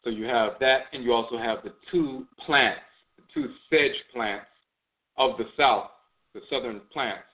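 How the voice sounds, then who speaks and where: A man giving a measured spiritual lecture, often repeating phrases and trailing off with "and so forth". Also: medium pitch. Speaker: host and spiritual teacher. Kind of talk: spoken lecture on spiritual tradition. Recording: tinny phone-like sound.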